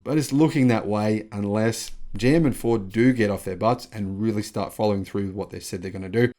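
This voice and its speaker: A man's voice: on the low side, a little fast, mellow. Chatty, sarcastic man hosting a vlog. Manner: chatty, sarcastic, laughs at the news. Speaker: channel host. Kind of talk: news commentary vlog.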